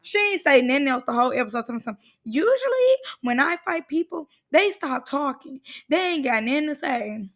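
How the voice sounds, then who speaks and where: Sassy high-voiced woman, gravelly and bright. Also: brisk, hardly any pauses. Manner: animated, sassy, slangy. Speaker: reality show commentator. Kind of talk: casual reaction commentary.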